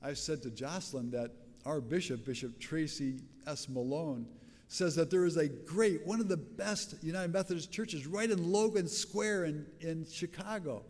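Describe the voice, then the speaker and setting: Raspy older man preaching in a hall. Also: a little high, normal speed, a little mellow. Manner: conversational storytelling with repeated restarts. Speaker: pastor. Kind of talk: sermon.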